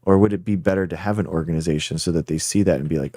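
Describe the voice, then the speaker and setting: A man hosts a livestream with a low, mellow voice, chatting loosely and rambling as he answers his viewers directly. The sound is dry and close, with no room echo. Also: fairly even intonation, racing. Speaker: livestream host. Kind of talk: casual livestream chat with viewers.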